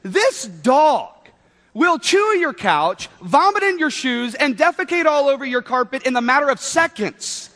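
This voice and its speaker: High-voiced pastor preaching in a hall. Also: male voice, big pitch swings, a little slow, pushed and bright. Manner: storytelling with playful asides. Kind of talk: sermon. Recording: long hall reverb.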